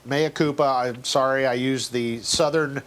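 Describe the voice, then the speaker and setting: Halting, self-deprecating man podcast host. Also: mid-range voice, steady tone, noisy background. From American South. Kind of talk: casual podcast chat.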